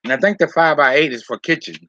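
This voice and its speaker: A man's voice: on the high side, quick pace, sharp tone. A man telling a personal story, often tagging "all right?" and "okay?" and getting heated. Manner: rambling, repeats "all right?" and "okay?", heated when retelling. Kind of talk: casual storytelling monologue. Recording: dull lo-fi sound.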